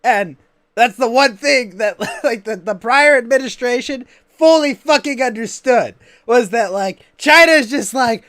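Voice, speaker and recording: A woman's voice: on the high side, unhurried, fairly bright tone. A woman co-hosting a live stream, talking politics in casual banter, ranting animatedly and swearing freely. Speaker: stream co-host.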